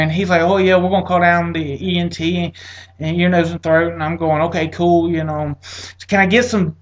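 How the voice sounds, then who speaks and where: A man recounts a long personal ordeal in a loose, conversational way. His frustration shows as his voice leaps up when he replays his own complaints, then sinks into quieter asides. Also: dull audio. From Atlanta area, United States. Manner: exasperated, acts out quotes with rising pitch. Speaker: military veteran telling his story. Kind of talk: casual personal storytelling.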